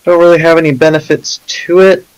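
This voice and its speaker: A man's voice: a little high, flat delivery, fairly quick, clean tone, rough recording. A man playing a tabletop game over an online call, hesitant and joking. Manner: hesitant, joking, many fillers. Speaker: player. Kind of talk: casual tabletop game play.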